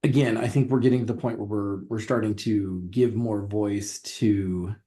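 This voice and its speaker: A man with a lowish, mellow, relaxed voice talks casually on a podcast. He is a history teacher, and he rambles through his thoughts with restarts and a lot of fillers. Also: moderate pace.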